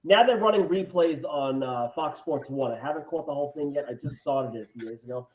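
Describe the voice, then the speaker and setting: A man co-hosting a podcast in casual chat, lively and quick to chime in. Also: on the high side. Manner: lively, chatty, eager to chime in. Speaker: podcast co-host. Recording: echoey room.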